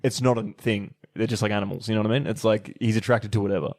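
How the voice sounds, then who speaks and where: A man's voice: lowish voice, dry recording, studio quality. A man co-hosting a music review podcast, chatting casually and chiming in with a lot of "yeah". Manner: quick, lively, full of "yeah"s. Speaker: podcast co-host. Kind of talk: casual chat.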